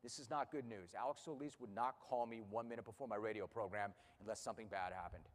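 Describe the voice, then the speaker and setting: A man in his fifties speaking emotionally to an audience about losing his racehorse, halting and repeating words when upset. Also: on the low side, big-room sound. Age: 50s. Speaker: racehorse owner and radio host. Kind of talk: emotional personal speech to an audience. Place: room with a live audience.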